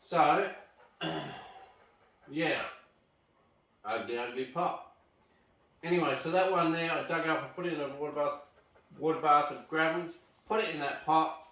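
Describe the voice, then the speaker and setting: A man's voice: on the high side, pushed and bright. A man with an Australian accent chatting casually and rambling a little as he shows his bonsai trees in a home video. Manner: chatty, rambling, self-mocking. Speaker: bonsai vlogger. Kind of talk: casual how-to vlog. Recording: echoey, mic at a distance.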